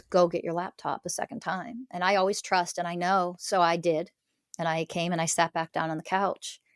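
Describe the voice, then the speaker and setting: Speaking as a guest on a podcast, a middle-aged woman talks earnestly and emphatically about her spiritual teaching in a conversational interview. Her voice is fairly low, and the studio-quality recording is dry.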